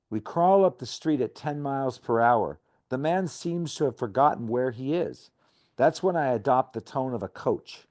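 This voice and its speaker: A middle-aged man reading aloud from his memoir in an earnest storytelling manner, then talking about recovery with a co-host. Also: medium pitch. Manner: earnest storytelling, acting out shouted quotes.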